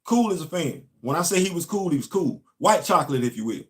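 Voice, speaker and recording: A man's voice: on the high side, animated, a little fast. A man, a show host and former Marine, telling a long casual story and asking his listeners rhetorical questions.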